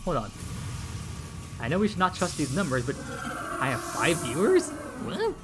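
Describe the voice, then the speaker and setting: A man's voice: on the high side, moderate pace, music in the background. A man hosting a game stream in a casual, joking chat with viewers. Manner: lively, joking, talks to chat.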